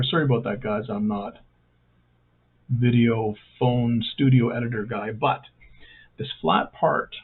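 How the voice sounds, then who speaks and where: A man's voice: medium pitch, gravelly, husky. A man hosting a casual step-by-step hobby tutorial, talking in a rambling way with self-mocking jokey asides. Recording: thin phone-like sound.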